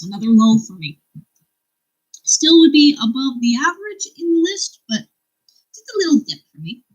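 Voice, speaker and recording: Husky-voiced woman chatting about books. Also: fairly high pitch, a little mellow, poor audio. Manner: enthusiastic and chatty, swears freely, laughs often. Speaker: book vlogger. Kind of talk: casual chat about books.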